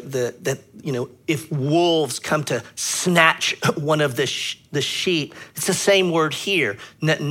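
A pastor preaching a sermon with a bright, forceful tone and a voice pitched a little high for a man. He teaches earnestly and leans hard on the words he wants to land. He clears his throat often between thoughts.

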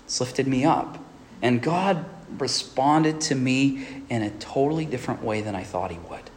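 A male pastor giving an earnest sermon who often checks in with a quick "right?". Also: mid-range voice, slight background noise.

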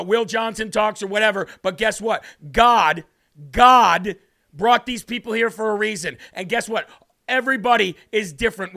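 A man's voice: high voice, gravelly, sharp tone. A man hosting a live-streamed political talk show, fiery and indignant, repeating himself and reading chat comments aloud.

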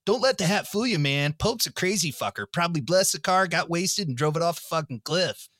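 An actor playing a laid-back, profane bro dude with a Southern California accent, speaking in a loose drawl. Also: male voice, fairly high pitch, expressive, fairly quick, a bit bright, no room sound, studio quality. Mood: flippant.

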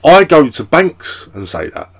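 A man's voice: a little high, very animated, unhurried, slightly rough. A young man with an Essex accent, a podcast guest telling rambling, swear-laden stories and laughing often. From Essex, England. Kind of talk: casual chat.

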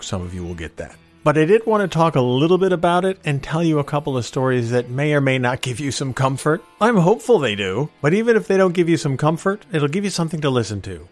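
A man's voice: mid-range voice, no room sound. A middle-aged man hosting a solo podcast, talking in a folksy, opinionated and wry way. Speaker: podcast host.

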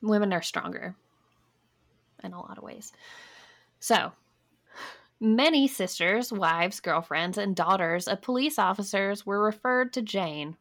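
A woman's voice: mid-range voice, lively intonation, measured pace, pauses often, a bit bright. A young woman co-hosting a podcast, reading history notes aloud in a casual way and stopping for wry asides. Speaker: podcast co-host.

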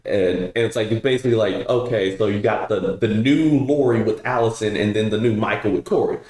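A man co-hosting a casual podcast chat, talking in a halting, laid-back way, full of fillers and restarts. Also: on the low side, darkish tone. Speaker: podcast co-host. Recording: roomy echo.

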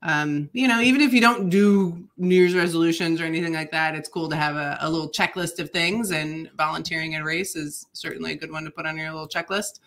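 Female podcast co-host, bright timbre, lowish pitch, relaxed chatty delivery with frequent laughs. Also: quick pace, hardly any pauses. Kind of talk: casual chat.

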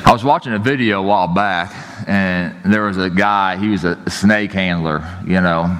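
A man's voice: low voice, moderate pace, fairly bright tone, a little hiss or hum. A man preaching a sermon as pastor, telling stories in a casual, joking way and often saying "you know, like". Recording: long hall reverb.

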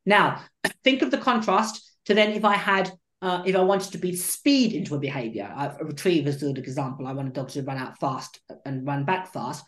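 A man, a dog trainer and coach, explaining his training methods at length in an animated interview. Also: high-pitched, a little fast. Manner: animated, acts out what the dog thinks. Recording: roomy echo.

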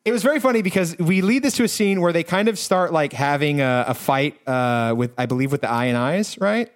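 A man with a slightly high voice recaps a movie on a podcast. He rambles and swears, filling every gap with "uh" and "like". The talk is casual and chatty. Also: lively intonation, fairly quick. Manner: rambling, profane, many fillers and restarts. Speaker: podcast co-host.

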